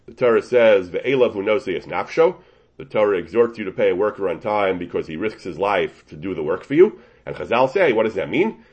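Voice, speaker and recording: A man gives a Talmudic lesson, working through a rabbinic ruling with plenty of Hebrew and Yiddish terms. His voice sits a bit low and is slightly husky. His pitch moves a lot, rising and falling as he argues each point. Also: lively intonation, brisk, a little mellow, lo-fi sound. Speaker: Torah teacher. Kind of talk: Talmudic lecture.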